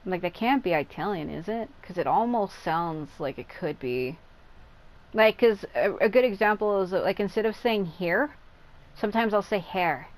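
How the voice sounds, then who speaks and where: A woman's voice: mid-range voice, normal speed, low-quality recording. A woman streamer giving casual, rambling commentary while playing a game, sounding tired and worn out. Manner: rambling and chatty, reacting aloud. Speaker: gameplay streamer.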